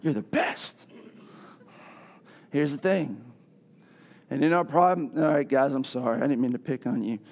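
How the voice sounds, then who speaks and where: A middle-aged man preaching a sermon as pastor, animated and building to loud rhetorical questions. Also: medium pitch, a little fast, creaky.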